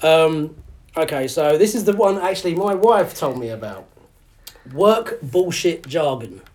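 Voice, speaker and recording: A British man hosting a casual podcast chat, loud, jokey and full of swearing. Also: a little high, animated, measured pace. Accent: British English. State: training for a marathon, tired legs. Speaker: podcast host.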